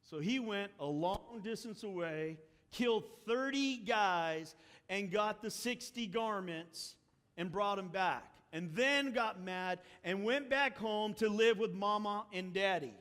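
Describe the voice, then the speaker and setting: A male pastor preaching a sermon and telling the story with animated energy, acting out the characters' lines. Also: sits high, slow pace. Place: church sanctuary. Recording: long hall reverb.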